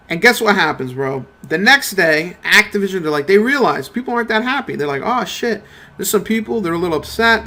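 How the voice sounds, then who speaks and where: A young man with a bright, slightly high voice, talking casually over his gameplay. He rants with lots of swearing and slips into mocking impressions of other people as he tells a story. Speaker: mobile game streamer. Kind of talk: casual gameplay commentary rant.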